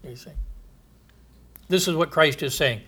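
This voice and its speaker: Man, preacher, sermon, bright tone, slightly high voice, rhetorical questions. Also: husky. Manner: earnest, teaching, rhetorical questions, emphatic pauses.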